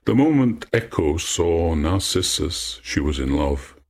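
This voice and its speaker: A man reading an old myth aloud as storyteller, in a measured, poetic way. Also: sits low, big pitch swings, a little mellow.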